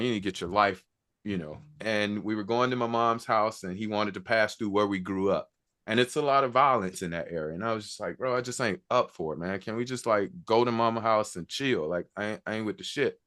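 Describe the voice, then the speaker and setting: A man's voice: on the low side, a bit bright. Reflective man telling a personal story. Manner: casual, reflective, quotes others in conversation.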